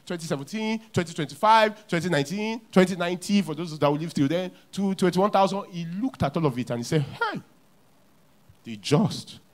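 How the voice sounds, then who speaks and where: A man preaching a sermon as pastor in a church, with a Nigerian English accent, repeating key lines and swinging from hushed to loud. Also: sits high.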